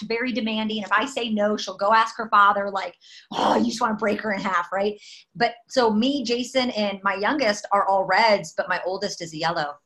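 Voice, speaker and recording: A woman in her thirties, a network marketing team leader, talking in an animated, emphatic, chatty way with lots of fillers. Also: medium pitch, low-quality recording. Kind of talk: casual talk.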